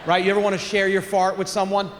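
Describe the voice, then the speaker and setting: A man in his forties doing a crude, animated stand-up comedy set on a theater stage, with shouted punchlines. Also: high-pitched, quick pace, a little hiss or hum. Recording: live theater recording with long reverb.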